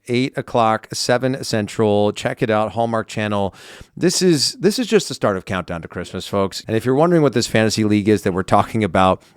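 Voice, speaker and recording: Male podcast co-host, casual and playful, lively delivery, dry close-mic sound. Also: fairly low pitch, clean tone, no room sound. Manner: playful, animated storytelling with put-on voices. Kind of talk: casual chat.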